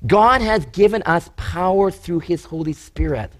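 A male preacher with a fairly high voice delivers a sermon. He tells stories with energy and acts out the lines of the people he quotes. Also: unhurried. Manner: animated, storytelling preacher who acts out quotes. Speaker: pastor.

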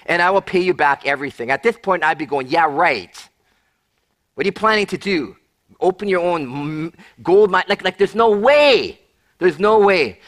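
A male pastor preaching a sermon, animated, often repeating and restarting words and acting out the voices of people in a Bible story. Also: sits high.

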